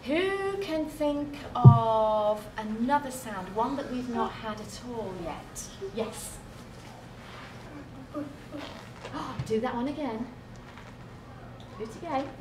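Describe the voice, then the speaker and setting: A British woman teacher coaxes small children through a sound game, her voice slow, patient and pitched a touch high. She is heard from some distance across a bright, echoing classroom. Steady room noise sits behind her. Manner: encouraging, drawn out, sound effects. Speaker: primary school teacher. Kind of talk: leading a children's music class. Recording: echoey classroom from afar, noisy.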